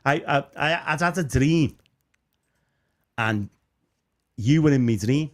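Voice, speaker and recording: A man's voice: medium pitch, lively intonation, slow. A middle-aged man, a Baptist minister co-hosting a casual chat, telling self-mocking stories with frequent laughter. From England. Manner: jokey, self-mocking storyteller who laughs often. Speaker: Baptist minister and podcast co-host.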